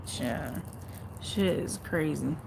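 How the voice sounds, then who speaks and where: A woman with a gravelly voice draws out her words while hosting a casual livestream and reading viewers' comments aloud. Her blunt reactions are full of swearing, shifting between low muttering and loud outbursts, with noise in the background.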